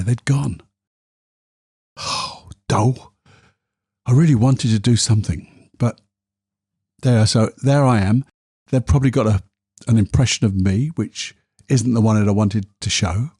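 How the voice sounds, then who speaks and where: A man's voice: lowish voice, warm tone, breathy edge, no room sound, studio quality. A man hosting a solo podcast, telling candid, self-deprecating stories. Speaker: podcast host.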